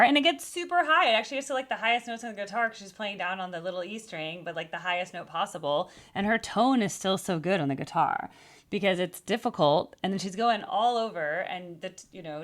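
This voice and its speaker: Chatty low-voiced woman vocal coach. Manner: enthusiastic, chatty, demonstrates singing. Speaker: music reaction host and vocal coach. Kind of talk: casual reaction commentary.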